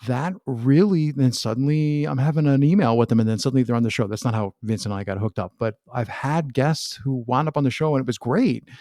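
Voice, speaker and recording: A chatty male podcast host in relaxed conversation, dropping into quick little voices when he quotes people. He sits at a medium pitch, and the recording is close and dry. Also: dry recording. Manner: chatty, animated, acts out quoted remarks. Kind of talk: casual conversational interview.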